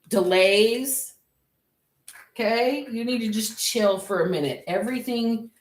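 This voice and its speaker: An American woman talks through a tarot reading at an unhurried pace, candid and quick to laugh, with a swear word here and there. Her voice sits at a middle pitch and bounces around a roomy, echoey space. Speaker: tarot reader. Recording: roomy echo.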